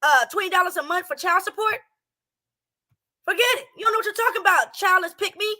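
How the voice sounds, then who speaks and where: A high, bright woman's voice, ranting brashly and cursing as she reacts to a clip. She talks in loud bursts, then drops low and quiet. It is a casual commentary voice, recorded at home. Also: a little fast. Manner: brash, profane, heated ranting. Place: home, a townhouse. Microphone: streaming setup with speakers playing a clip.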